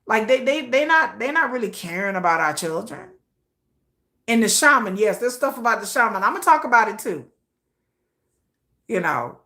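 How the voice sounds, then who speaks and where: Woman livestream host, blunt and slangy, bright tone, higher voice. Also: normal speed, pauses often. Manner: blunt, animated and slangy, acting out quoted lines. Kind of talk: casual opinion livestream.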